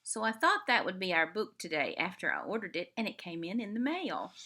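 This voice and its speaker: Animated woman reading a picture book aloud. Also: on the low side, a little fast. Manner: expressive and animated, adding sound effects.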